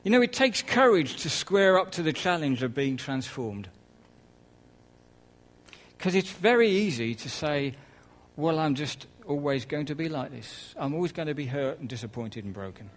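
A man preaching a conversational sermon, with soft laughs and quiet asides. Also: on the high side, lively intonation, normal speed, poor audio.

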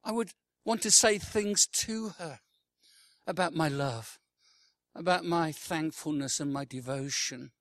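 A man in his sixties preaching a sermon, swinging from loud, emphatic declarations to hushed, almost whispered lines. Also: on the high side, unhurried, no room sound. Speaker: worship leader. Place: church conference hall.

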